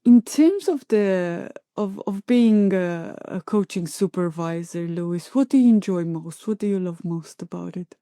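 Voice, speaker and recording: A woman's voice: on the low side, expressive, measured pace, few pauses, dark tone, no echo, clean studio sound. A woman hosting an interview, supportive and affirming, often murmuring agreement while her guest talks. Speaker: interview host. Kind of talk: interview conversation.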